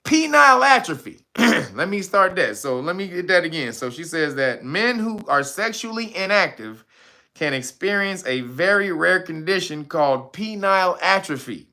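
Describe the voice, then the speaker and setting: A man hosts a livestream in a high, gravelly voice with a bright, sharp edge. His pitch jumps all over as he rambles through crude jokes, breaking into laughter and calling out names from the chat. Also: big pitch swings, moderate pace. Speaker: livestream host. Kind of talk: loose comic commentary on a livestream.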